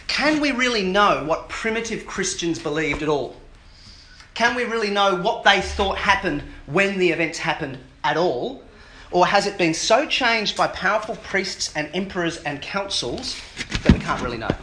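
A man preaching an Easter sermon, animated and fond of joking asides with the audience. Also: fairly high pitch, slight background noise. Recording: roomy hall with faint ambience.

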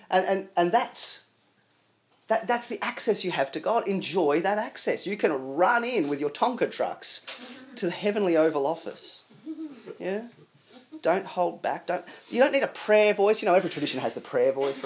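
A man preaching a sermon in an animated, conversational way with chuckling asides. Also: on the high side.

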